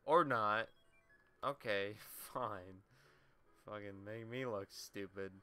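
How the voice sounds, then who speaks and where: A young man with a runny nose mutters and curses his way through a video game, teasing himself as he goes. His voice sits a little low yet sounds bright and clear. Faint game music plays underneath. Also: slow pace, no echo. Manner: sweary, self-mocking, talks to himself. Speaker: let's play gamer. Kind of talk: casual gameplay commentary.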